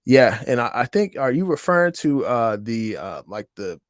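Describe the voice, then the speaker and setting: A man's voice: medium pitch, sing-song, normal speed, no room sound, studio quality. A man hosting an investing livestream, chatting casually with viewers in a rambling, slangy way with lots of fillers. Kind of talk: casual livestream chat reading viewer comments.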